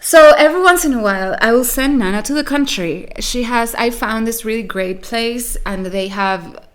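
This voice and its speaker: A woman's voice: mid-range voice, a bit bright. A woman vlogging to camera in casual chat, rambling with self-mocking, dramatic complaints.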